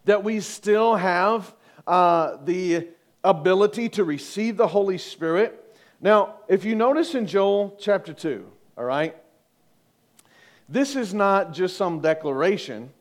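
A middle-aged man preaching to his congregation in a light, high voice. He keeps it conversational, cracks jokes and keeps asking the room questions. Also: slow. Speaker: pastor. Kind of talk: sermon.

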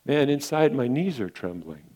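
A man's voice: medium pitch, very animated, moderate pace, mellow. A male pastor preaching a sermon in an earnest, repetitive way, often calling his listeners friends.

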